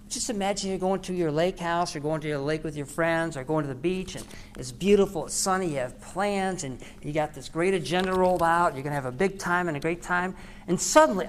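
A woman's voice: fairly low pitch, a little hiss or hum. A woman podcast host giving an earnest devotional talk, preaching with repeated phrases.

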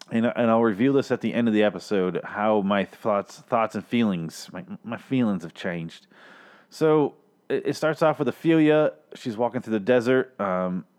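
A man's voice: lowish voice, a little mellow. A man hosting a show that recaps TV episodes, talking casually in a profane, exasperated and sarcastic way from a home studio. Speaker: TV recap podcast host.

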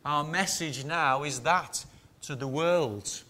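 A man preaching a sermon to his small congregation in a measured, emphatic manner with rhetorical questions. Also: fairly high pitch, bright, forceful tone, a little hiss or hum.

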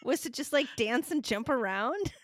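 A woman's voice: sits high, expressive, moderate pace, no room sound. A woman co-hosting a casual podcast chat, wry and teasing in her remarks. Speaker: podcast co-host.

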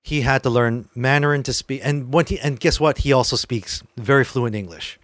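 A man's voice: medium pitch, moderate pace, fairly bright tone, no echo. A man co-hosting a casual film-review chat, talking in a discursive way with restarts. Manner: discursive, restarts, brief agreeing replies. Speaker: podcast co-host.

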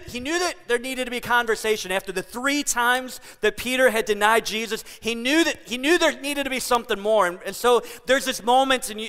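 High, bright-voiced preacher man. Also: smooth, long reverb tail. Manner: earnest, conversational, emphatic. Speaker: pastor. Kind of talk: sermon.

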